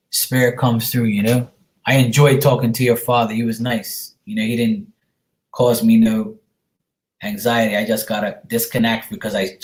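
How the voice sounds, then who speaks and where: A man, working as a medium and giving a casual, reassuring reading to a viewer, often calling her sweetheart. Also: lowish voice. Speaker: psychic medium. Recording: echoey room.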